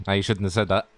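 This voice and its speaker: Low-voiced dry-witted male co-commentator. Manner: dry, teasing remarks. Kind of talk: casual co-commentary chat.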